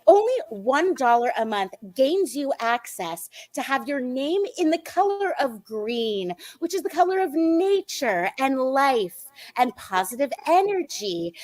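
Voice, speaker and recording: High, sing-song woman doing a promo. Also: a little mellow, no room sound. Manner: sugary, over-the-top salesy delivery. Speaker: panelist. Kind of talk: mock channel promo read.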